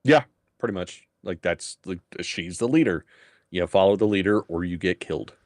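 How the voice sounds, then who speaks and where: A man's voice: sits low, moderate pace, no room sound, clean studio sound. A man co-hosting a casual TV review chat, laid-back and wry, joking along with his co-host.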